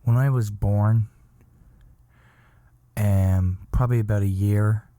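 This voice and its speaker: A man from Ireland, telling a comic story as a podcast host in a halting, mock-earnest deadpan with long pauses. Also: on the low side, dry recording.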